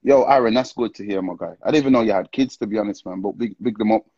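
A man's voice: fairly low pitch, fast talker, dark tone, slightly rough, no room sound. Man hosting a live phone stream, slangy and chatty; dry, dull lo-fi sound. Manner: slangy, greets viewers one after another, laughs often. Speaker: livestream host. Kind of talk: casual live-stream chat.

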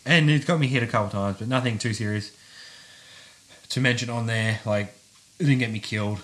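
A man's voice: mid-range voice, a little fast, a bit bright. Man, casual podcast co-host, easygoing and sweary. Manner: laid-back, swears freely, repeats himself. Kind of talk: casual chat.

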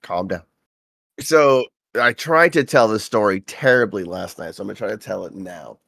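A man with a low, gravelly voice rambles through gaming anecdotes in a loose, profane podcast chat. He gets livelier when he quotes people, and his voice sits close and dry on the mic. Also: a little fast, dry recording. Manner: rambling storyteller, profane, animated when quoting. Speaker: podcast co-host.

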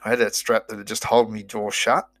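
A man's voice: lowish voice, flat delivery, brisk, fairly bright tone, no echo. A middle-aged Australian man, a former rugby player, telling his story in a blunt, sweary, rambling way. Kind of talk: casual storytelling.

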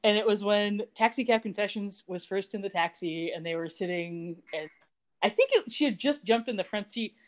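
A woman co-hosting a podcast, chatting casually and telling stories in an animated, teasing way. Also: mid-range voice, moderate pace. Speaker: podcast co-host. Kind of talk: casual chat recapping a TV episode.

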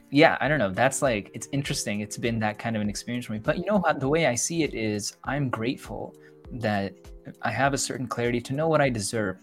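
A young man co-hosting a podcast, talking casually and reflectively, rambling and acting out what others told him. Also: mid-range voice. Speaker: podcast co-host. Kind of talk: casual chat.

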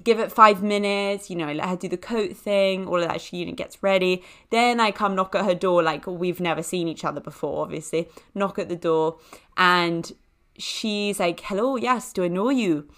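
A woman's voice: fairly low pitch, moderate pace, a bit bright, clear, resonant tone. Young woman, podcast host, chatty storyteller, heavy on "like" fillers, jokes at her own expense. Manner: rambling, filler-heavy with lots of "like", self-mocking jokes. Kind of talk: casual anecdotal storytelling.

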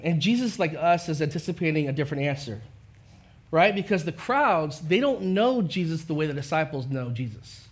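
A man preaching a sermon as pastor, in a conversational, animated way with quick asides. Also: on the high side.

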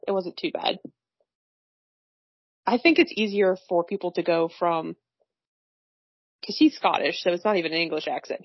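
A woman with a fairly low voice chats her way through a film plot, wry and slangy, with frequent laughter. The recording is dry and a little dull, with no room sound. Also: slightly rough, dry recording. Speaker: podcast co-host recapping a film. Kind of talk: casual chat.

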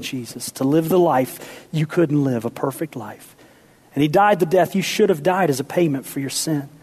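This man's preaching voice runs on the high side and has a breathy edge. During his sermon he jokes with the congregation now and then, then shifts into hushed, urgent appeals.

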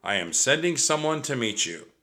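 A man voicing a calm, wise old enchantress in a storybook reading, speaking softly, soothingly and with stately calm. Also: medium pitch, moderate pace, pitched above the performer's own voice. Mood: reassuring.

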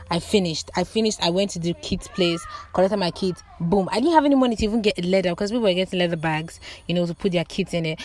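A young woman in her twenties vlogging, telling a story to her viewers in a dramatic, animated way, with loud exclamations and casual swearing. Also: on the low side.

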